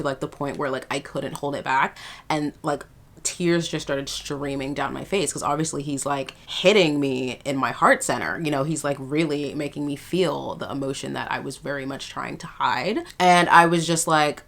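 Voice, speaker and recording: A woman's voice: low voice, moderate pace, gravelly, a bit bright. A young adult woman vlogger telling a personal story in a casual, emphatic way, full of fillers.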